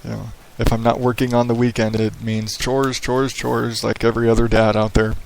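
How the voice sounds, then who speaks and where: At a moderate pace, this man's mid-range, creaky voice shows little pitch movement, with a little hiss or hum. As host of his own podcast, he gives a casual, profane, rambling solo monologue in a radio-style voice, speaking into a headset mic in a small echoey home office with hardwood floors.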